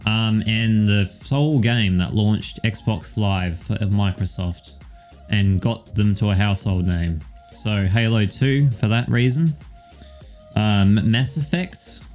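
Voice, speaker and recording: A man's voice: fairly low pitch, slow pace, a little mellow, faint music behind. A young man chatting casually as podcast co-host, rambling and swearing, with lots of ums. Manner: rambling and profane, with many ums and "all right"s. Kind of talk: casual chat.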